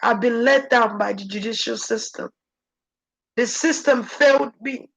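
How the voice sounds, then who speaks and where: A woman's voice: unhurried, vocal fry, slightly rough, low-quality recording. A woman speaking as a channeler in an intense, preachy spirit-channeling monologue. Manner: intense, preachy, shifting pitch.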